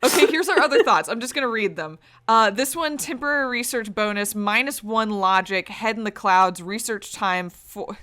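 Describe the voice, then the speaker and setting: A woman playing a video game on stream, reading out menus and options in casual chat with friends. Her voice is bright and sharp, pitched a little high, with quick laughs. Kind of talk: casual let's-play chat.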